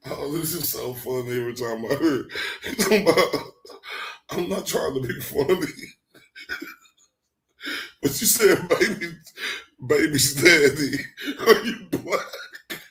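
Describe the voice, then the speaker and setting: A man's voice: fairly high pitch, slow pace, long pauses, fairly bright tone. A man reacting to a clip, laughing hard and rambling as he repeats himself. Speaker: reaction video host. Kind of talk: casual reaction commentary.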